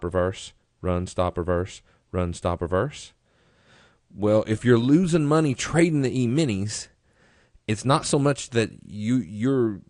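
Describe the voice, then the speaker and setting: Low-voiced man teaching a seminar. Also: darkish tone, no echo, studio quality. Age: adult. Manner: conversational storyteller, rhetorical questions. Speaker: trading educator. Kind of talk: live seminar talk. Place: room with a live audience.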